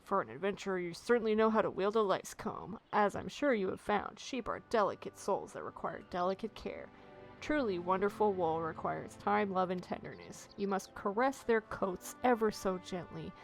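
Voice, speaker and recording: A woman's voice: medium pitch, sing-song, normal speed, creaky, faint music behind. A woman reading aloud the lines of an eccentric male rancher in a game who dotes on his animals. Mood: doting. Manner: reads the lines aloud in a plain, lightly amused voice.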